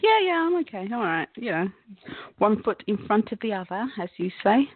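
A woman's voice: mid-range voice, big pitch swings, brisk, no room sound. A British woman co-hosting a live online talk show, teasing and laughing a lot. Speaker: co-host. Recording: dry, tinny phone-like line.

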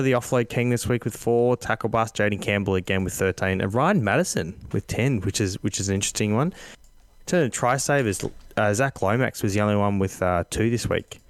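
A man's voice: fairly low pitch, smooth, dry recording. A man co-hosting a podcast, casually running through sports stats with a few fillers. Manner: relaxed, lists numbers with fillers. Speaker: co-host.

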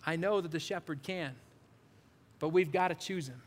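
A man preaching a sermon as a pastor, animated and shifting from loud bursts to hushed, prayerful passages. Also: fairly high pitch, normal speed, big-room sound.

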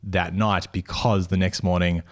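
Low-voiced Australian male podcast host. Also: level tone. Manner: bantering, quick storytelling. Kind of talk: casual podcast chat.

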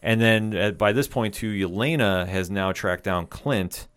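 A man with a low, smooth voice recaps an episode for a podcast. He talks casually and keeps the story going with fillers and quick asides. His energy is enthusiastic. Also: a bit bright. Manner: enthusiastic, rambling retelling with fillers. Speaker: podcast co-host.

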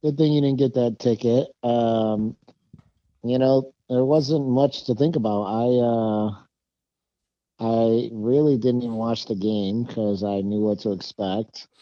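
A man's voice: medium pitch, fairly even intonation, slow, dry recording, dull audio. A man co-hosting a casual podcast, answering in a laid-back, brief way. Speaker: podcast co-host.

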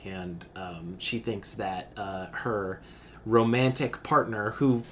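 A man co-hosting a casual chat, making dry, deadpan jokes. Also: lowish voice, slow pace, a little hiss or hum. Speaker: podcast co-host.

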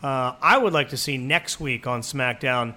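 Bright-voiced joking podcast guy. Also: mid-range voice, normal speed. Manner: joking, profane, mock-announcer riffs. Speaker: podcast co-host. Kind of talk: crude comedic banter.

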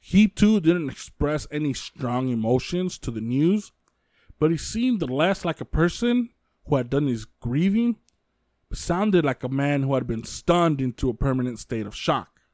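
Higher-voiced man retelling a case. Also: expressive, measured pace, darkish tone, dry recording, studio quality. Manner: loose, filler-heavy retelling with acted quotes. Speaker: podcast host telling the case. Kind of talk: casual true-crime storytelling.

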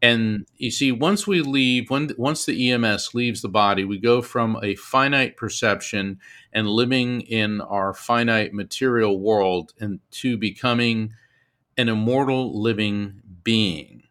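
A man with a bright, forceful voice speaks as a guest in an interview. He tells his stories in an animated way, stumbling over and repeating words as he goes. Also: lowish voice, unhurried. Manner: animated storyteller, repeats words, laughs often. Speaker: medium, guest. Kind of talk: storytelling in an interview.

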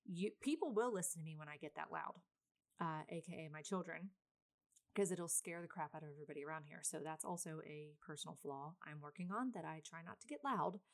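Woman, 30s, casual vlogger, slightly low voice, rambling chatty storyteller. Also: fairly quick. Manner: chatty and rambling, many fillers; self-described very loud person. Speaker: mother telling a personal story.

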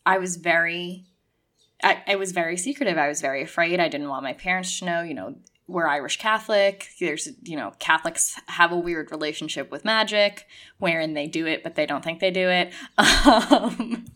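A young adult woman chatting casually as a podcast co-host, acting out quoted lines with lively shifts in voice. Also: fairly low pitch, normal speed. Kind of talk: casual conversation.

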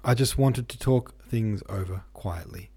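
A man reading the lines of a lovesick young man who hides his hurt behind a forced, measured calm in an audiobook. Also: on the low side, slightly rough. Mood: strained calm.

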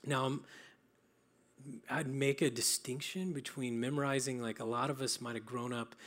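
A young man giving an earnest, practical sermon, often pausing with fillers and restarting his phrases. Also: mid-range voice, steady tone, fairly bright tone. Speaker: preacher.

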